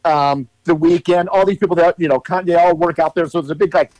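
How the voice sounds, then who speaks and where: A man's voice: on the high side, steady tone, a little fast, a little mellow, no echo, poor audio. A man co-hosting a podcast in casual chat, explaining at length in a rambling way with fillers and some swearing. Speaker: podcast co-host.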